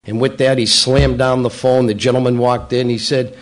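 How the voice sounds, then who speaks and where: A man's voice: mid-range voice, level tone, normal speed, few pauses, slight background noise. A middle-aged man, a local politician, telling roast-style jokes and teasing people at a public breakfast. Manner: teasing, jokey, playful. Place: banquet room at a public breakfast.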